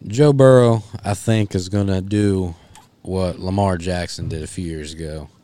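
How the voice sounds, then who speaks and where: A man with a fairly low voice, chatting casually and joking on a sports podcast. He keeps an easygoing manner. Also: fairly even intonation, measured pace, mellow. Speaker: podcast co-host.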